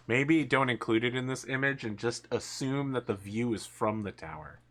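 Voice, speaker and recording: A man's voice: mid-range voice, normal speed, a bit bright. A man running a tabletop game as game master, mixing teasing banter with scene narration.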